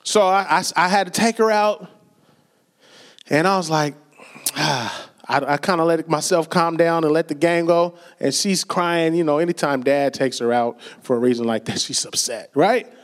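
A man's voice: fairly high pitch, normal speed. A man preaching a sermon in a conversational way, telling stories and quoting people with a laugh now and then. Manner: conversational storytelling with laughs and acted quotes. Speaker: pastor.

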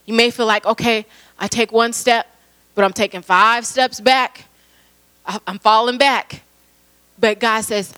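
A woman's voice: on the high side, fairly even intonation, unhurried, long pauses, pushed and bright, poor audio. A young adult woman preaching a sermon in an earnest way, often repeating herself and using fillers.

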